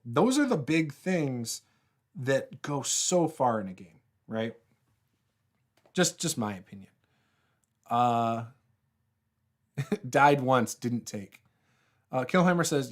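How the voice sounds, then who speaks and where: A man's voice: medium pitch, animated, slow, long pauses. A man hosting a casual tabletop RPG livestream, rambling and laughing often, with many fillers and restarts as he answers viewer comments.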